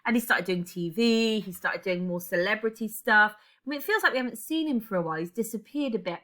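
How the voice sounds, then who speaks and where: A woman's voice: mid-range voice, fairly quick, fairly bright tone. Reflective woman teacher asking questions. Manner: questioning, reflective, guiding step by step. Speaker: English teacher. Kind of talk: recorded lesson.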